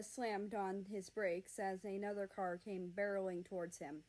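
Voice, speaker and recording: A woman reading a fan fiction story aloud in an earnest, expressive narration. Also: medium pitch, unhurried, few pauses.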